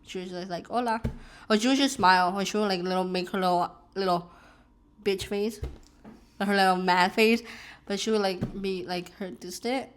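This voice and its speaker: A woman's voice: mid-range voice, fairly even intonation, normal speed, smooth. Young woman vlogger, casual storyteller, rambling and unpolished. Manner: rambling, many "like"s and restarts. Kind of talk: casual storytelling while eating.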